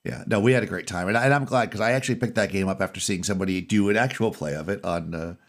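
A man's voice: lowish voice, very fast. A man co-hosting a podcast in casual chat, rambling and correcting himself as he recounts the games he ran. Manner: rambling, self-correcting storyteller. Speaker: podcast co-host and game master.

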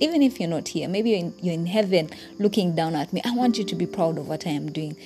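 A woman's voice: mid-range voice, expressive, fast, few pauses, music in the background. A woman hosting a podcast, speaking earnestly and from the heart straight to her listeners in a reflective personal monologue. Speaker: podcast host.

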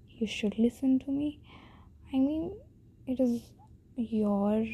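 A teenage girl with an Indian accent talks through her podcast in a slow, hesitant ramble. Her slightly high voice is dark and mellow with a breathy edge. She sounds shy and self-deprecating. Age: teens. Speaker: podcast host. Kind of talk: casual solo podcast monologue.

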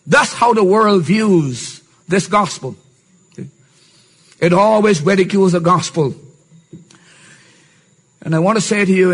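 A man's voice: sits high, fairly bright tone, breathy edge. A male pastor preaching a sermon with emphatic rhetorical questions and repeated refrains.

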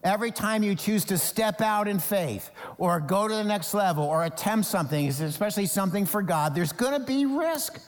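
A pastor from New Jersey preaches a sermon in a lively, animated way, slipping into quoted voices for Bible characters. His voice sits high for a man. It rings with the long reverb of a large hall. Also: normal speed, few pauses.

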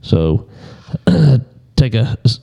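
A man on a podcast telling a hunting story in a relaxed, rambling way, often clearing his throat. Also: medium pitch, drawn-out words. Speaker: podcast co-host.

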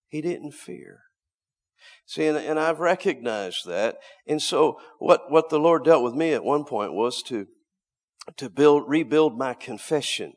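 In a sermon, a middle-aged man swings from loud, emphatic lines to hushed, low asides, often saying words twice as he starts over.

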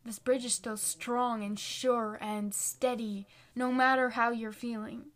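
Chatty earnest teenage girl, slightly high. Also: flat delivery, unhurried. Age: late teens. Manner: chatty, many "like" fillers, self-correcting, earnest. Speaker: faith encouragement vlogger. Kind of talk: casual devotional chat with scripture reading.

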